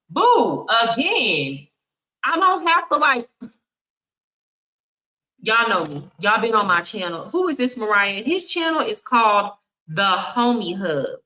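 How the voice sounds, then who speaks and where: A woman's voice: on the high side, big pitch swings, a little slow, pushed and bright, poor audio. A woman from Texas with a Texan accent, giving blunt, sassy live reaction commentary straight to her viewers. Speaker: streamer reacting to clips.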